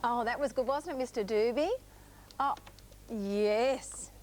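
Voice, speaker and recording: A young woman presenting a children's TV show in a coaxing, sing-song way, speaking slowly to small children on a clip-on mic in a studio. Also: on the high side, darkish tone. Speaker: children's TV host. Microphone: clip-on mic on jumper.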